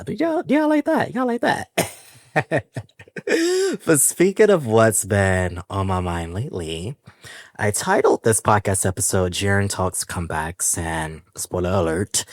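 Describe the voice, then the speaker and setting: A man hosting his own music podcast in a casual, animated, chatty way, laughing often and using easy slang. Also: sits low, no room sound, clean studio sound. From San Francisco Bay Area. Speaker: podcast host. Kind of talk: casual solo podcast chat.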